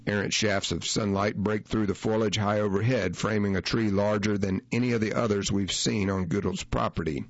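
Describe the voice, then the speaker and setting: A man with a low voice tells a first-person story in a measured, unhurried way. The recording is dry and dull, with no room sound and the top end rolled off. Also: fairly even intonation, no room sound. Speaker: narrator. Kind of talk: first-person reading of a magazine feature.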